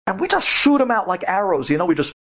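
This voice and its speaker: A man with a somewhat high voice delivers a rabbi's storytelling lecture. He speaks directly to the women listening and dramatizes every story, leaping up in pitch to act out the people in it. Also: sing-song, fast, a bit bright. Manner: dramatic, acts out quoted voices with big pitch leaps.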